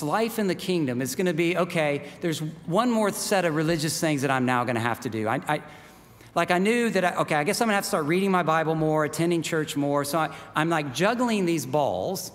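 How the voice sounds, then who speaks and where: Male pastor, sermon, chatty storyteller, slightly high voice, long room echo. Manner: conversational, acts out quoted voices in the story.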